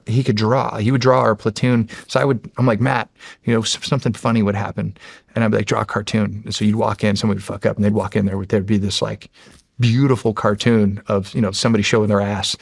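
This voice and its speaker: American guy in his 40s, chatty guest story, gravelly voice, dry close sound. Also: medium pitch, dry recording. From United States. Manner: animated, re-enacts dialogue, laughs often. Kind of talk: casual storytelling.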